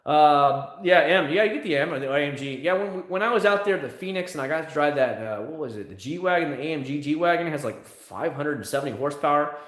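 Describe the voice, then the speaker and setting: A man's voice: fairly high pitch, lively intonation, brisk, few pauses, a bit bright, reverberant. A man in his thirties hosting a livestream, chatting casually and answering comments as they come in. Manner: rambling, answers chat comments. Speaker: livestream host.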